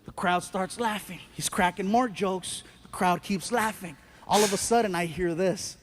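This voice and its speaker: A man performing stand-up comedy, telling a story in an animated way with bursts of shouting. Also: high voice, moderate pace, hardly any pauses, noisy background.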